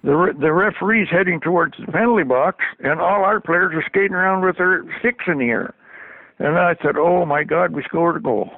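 An older man telling a story in a folksy, animated way, chuckling as he goes. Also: high voice, brisk, vocal fry, no echo. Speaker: storyteller guest. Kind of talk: casual anecdote on radio. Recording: tinny phone line on radio.

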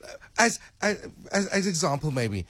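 A man's voice: fairly high pitch, very animated, normal speed, fairly bright tone, husky, no room sound. A man co-hosting a night radio show in casual chat, hesitant and full of restarts. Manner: hesitant, many restarts and fillers.

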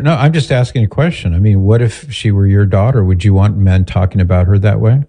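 Man with a low, mellow voice. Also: brisk. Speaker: host giving advice to a caller. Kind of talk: advice call-in talk.

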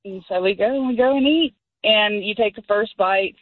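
A woman's voice: medium pitch, moderate pace, no room sound, phone-quality sound. A middle-aged woman calling in to a radio show, telling a story with lots of laughter. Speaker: caller. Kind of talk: casual storytelling on a call-in show.

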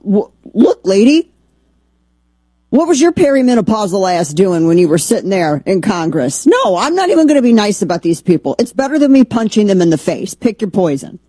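A woman's voice: mid-range voice, big pitch swings, fairly quick, warm tone, husky, no room sound. A middle-aged woman hosting a political talk radio show, combative and sarcastic in her monologue.

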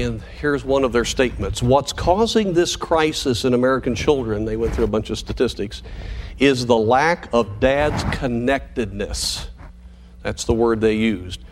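A man preaching as a pastor in an earnest, pastoral tone. His voice sits in an ordinary middle pitch. He slows down to stress key points and moves quickly through asides. Faint ambient noise runs behind him. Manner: earnest, pastoral, shifts between slow emphasis and quick asides. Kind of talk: sermon.

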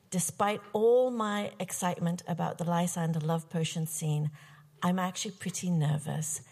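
A young adult woman performing a personal story with wry, comic timing and pauses. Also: lowish voice, darkish tone, in a large hall.

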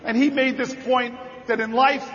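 A man giving a campaign speech at a party convention, telling stories and building to rousing shouted refrains. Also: very high-pitched, fairly even intonation, moderate pace. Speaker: political speaker at a party convention. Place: large convention hall. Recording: reverberant hall, muffled sound.

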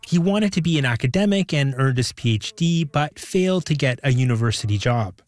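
A man hosting and narrating a documentary in a lively, wondering manner. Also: medium pitch, a little fast, no room sound. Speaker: documentary host.

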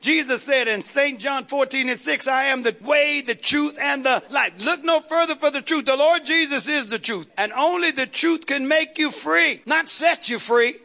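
A man's voice: very high voice, moderate pace, gravelly, few pauses, sharp tone. A man preaching a sermon, calling out to the congregation and building up rhythmic repeated lines. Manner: call-and-response preaching, rhythmic repetition. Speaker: pastor.

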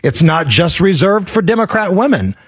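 A man hosting a casual political talk show, sardonic and quick to joke. His voice sits high and carries a husky edge. His pitch leaps around with lively swings. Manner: sardonic, jokey. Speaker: podcast host.

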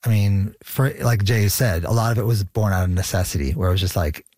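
Male musician guest, fairly low voice, easygoing and agreeable, dry recording. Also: fairly quick, a little mellow, no echo. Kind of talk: interview conversation.

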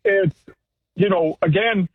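A man's voice: sits high, takes it slowly, breathy edge, dry recording. A man calling in to a radio show, chatting casually with lots of fillers. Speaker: caller. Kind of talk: casual chat. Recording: tinny phone line.

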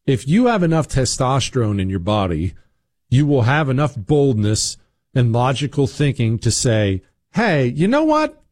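A man's voice: medium pitch, expressive, normal speed, a little mellow, no echo, studio quality. A man in his forties hosting a talk show, giving sarcastic, emphatic opinion commentary. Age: 40s.

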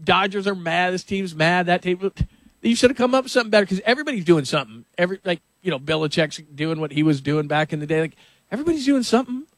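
A man's voice: high voice, lively intonation, no echo. A man hosting a sports radio show, talking loosely and laughing often in casual chat. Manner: loose, rambling, quick to laugh.

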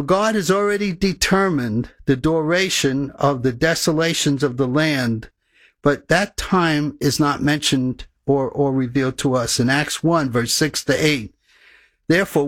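Earnest male preacher, higher voice, dry sound. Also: no echo. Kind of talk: sermon with scripture readings.

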